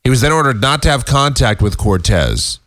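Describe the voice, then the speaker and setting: A man's voice: mid-range voice, expressive, fairly quick, fairly bright tone, dry recording. Congested, nasal man hosting. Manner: chatty, rambling, wry asides. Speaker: radio show host. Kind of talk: casual talk show monologue.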